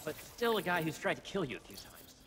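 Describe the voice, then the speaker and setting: A man's voice: a little high, big pitch swings, fast. An actor playing an eager, teasing young adult man who is a loyal, cocky friend. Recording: loud game score behind.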